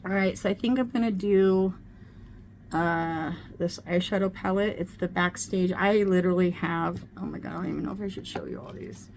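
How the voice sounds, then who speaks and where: A woman's voice: lowish voice, normal speed, darkish tone, slight background noise. A middle-aged woman vlogging casually at home while doing her makeup, talking candidly and swearing freely. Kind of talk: casual get-ready-with-me chat.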